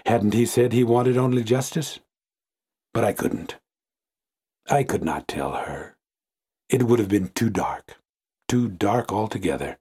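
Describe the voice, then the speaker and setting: Husky low-ish guy reading a novel, dark tone, lots of pitch movement, brooding. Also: lively intonation. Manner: brooding, measured storytelling. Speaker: audiobook narrator. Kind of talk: first-person literary narration.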